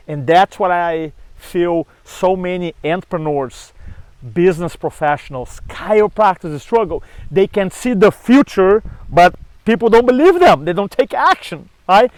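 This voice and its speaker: High-voiced animated male storyteller. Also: no room sound, rough recording. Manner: animated storyteller acting out dialogue. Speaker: speaking coach. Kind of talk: storytelling to camera.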